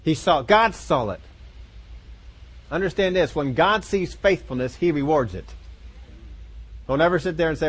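A man's voice: on the high side, expressive, normal speed, pauses often, breathy edge. A man preaching a sermon, speaking in emphatic, repetitive declarations to his congregation.

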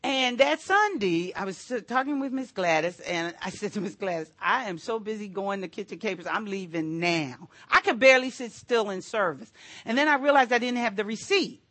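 A woman preaching a sermon, telling a personal story in a chatty, animated way with asides to the congregation. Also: medium pitch, moderate pace, dry recording.

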